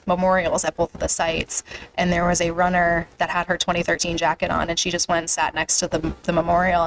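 A woman's voice: fairly low pitch, background noise. A young woman hosting a podcast, chatting casually and emotionally, with a lot of "like" fillers. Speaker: podcast host. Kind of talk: casual interview chat.

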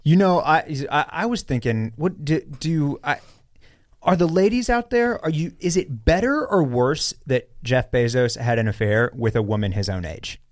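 A man co-hosting a casual podcast, talking in an animated way with frequent restarts and fillers. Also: fairly high pitch. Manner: animated, halting restarts, lots of "like". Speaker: podcast co-host.

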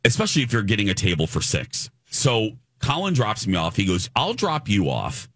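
A man with a fairly low voice co-hosts a podcast, telling a story during casual conversation at a moderate pace. He's animated and acts out what people said in their own voices. The recording is dry and clean, with studio sound.

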